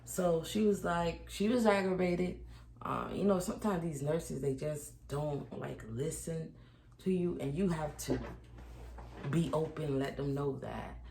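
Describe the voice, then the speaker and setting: A woman with a deep, gravelly voice tells her viewers the story of her baby's birth, speaking casually and acting out each exchange with animation. The room is echoey, with faint background noise.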